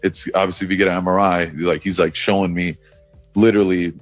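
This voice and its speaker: A man with a very low voice tells a story in a loose, casual way, full of "like" fillers and swearing. The sound is a dry podcast clip with faint music underneath. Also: flat delivery, quick pace, dry recording. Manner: loose, profane, lots of "like" fillers. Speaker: football player on a podcast.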